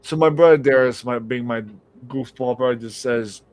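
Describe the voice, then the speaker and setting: A man in the middle range of male pitch, hosting a late-night live podcast. He tells a story casually and with energy, swears often, and slips into the voices of the people he is quoting. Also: moderate pace. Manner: animated, profane, acts out quoted voices. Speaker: podcast host.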